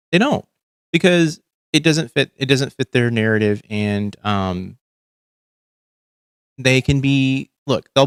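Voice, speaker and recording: A man's voice: mid-range voice, no room sound. Male livestream host, mid-range voice, dry close sound, swears a lot and rambles with many fillers. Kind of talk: casual political chat.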